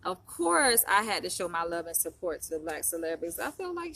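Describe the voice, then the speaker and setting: A woman's voice: fairly low pitch, very animated, brisk, hardly any pauses, sharp tone. A woman vlogger talking casually to her viewers, rambling with lots of fillers like "you know" and "like". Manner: chatty, rambling, full of fillers. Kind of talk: casual chat to camera. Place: in Los Angeles.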